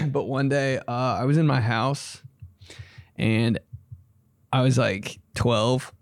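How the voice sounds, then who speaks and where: A male comedian hosting his podcast, rambling through loose, profane stories and acting out every quote along the way. His voice sits in an ordinary middle pitch, and the recording is close and dry with no room sound. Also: steady tone, slow, vocal fry, no echo. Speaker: podcast host and stand-up comedian. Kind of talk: casual comedic storytelling.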